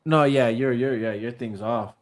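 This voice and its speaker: A man's voice: mid-range voice, moderate pace, a little hiss or hum. A man hosting a casual podcast chat over a video call, laughing often and joking around. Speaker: podcast host.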